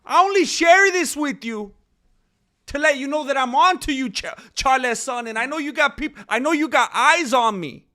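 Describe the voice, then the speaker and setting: Man, high pitch, bright voice, playful livestream chat, joking. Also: normal speed. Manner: playful, joking, reads chat names aloud. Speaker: livestream host.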